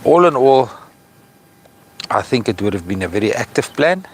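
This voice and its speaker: A South African man vlogging outdoors at an estuary, speaking earnestly and with feeling, slowing down to stress his points. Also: mid-range voice, very animated, a little hiss or hum. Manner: earnest, impassioned, slow when stressing points. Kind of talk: outdoor vlog commentary.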